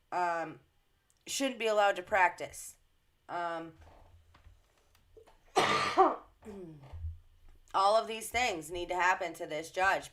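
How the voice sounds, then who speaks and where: A woman's voice: on the low side, fairly bright tone. A woman doing reaction commentary on a vlog, ranting in a blunt, indignant way. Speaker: commentary vlogger.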